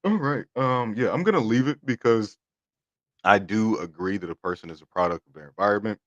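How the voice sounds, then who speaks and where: Male co-host, lowish voice, thoughtful and explanatory. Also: fairly quick, no room sound, muffled recording. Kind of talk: casual chat.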